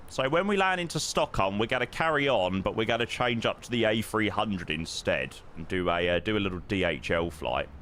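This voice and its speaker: A young man talks to his live-stream viewers while he plays a flight simulator, excitable and chatty. His pitch swings freely up and down. There is a faint hum of noise behind him. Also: brisk, few pauses. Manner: excitable, chatty, reacts loudly and greets viewers.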